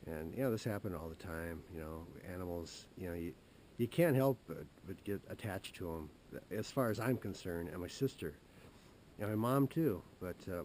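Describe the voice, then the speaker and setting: Low-voiced man rambling through a story. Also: a little mellow, slight background noise. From Wisconsin. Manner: rambling and halting, many restarts. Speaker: hunting show host. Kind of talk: casual storytelling. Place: outdoors in the woods.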